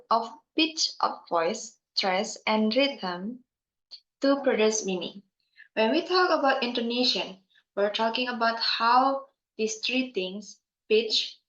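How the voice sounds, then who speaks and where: A young woman from Bali with an Indonesian accent, giving a careful, measured class presentation as a university student, with small slips and restarts. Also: a little high, a bit bright. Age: young adult. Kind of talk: scripted explanation. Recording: echoey room, dull lo-fi sound.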